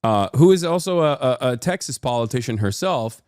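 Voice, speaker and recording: A man's voice: medium pitch, animated, fairly quick, a little mellow, clear, resonant tone, no echo, studio quality. A man in his thirties hosting a stream, giving heated, sarcastic political commentary and reacting to chat. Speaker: streamer host.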